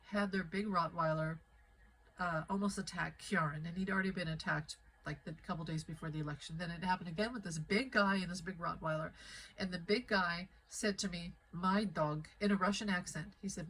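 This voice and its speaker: A woman talks into her phone in a loose, rambling vlog, her voice sitting a little low. Her tone is heated and conspiratorial. A faint background noise hangs under her words. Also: fairly bright tone, low-quality recording. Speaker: vlogger. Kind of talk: casual rambling monologue to camera. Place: home in the Midwest of the USA.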